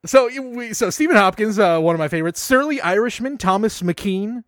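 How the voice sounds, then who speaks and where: A fairly high-voiced man co-hosting a podcast, talking in an animated, eager rush peppered with "uh" and "um." The sound is dry and close, with no room around it. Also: a little fast, no room sound. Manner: animated, enthusiastic, many fillers. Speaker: podcast co-host. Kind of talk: casual film discussion.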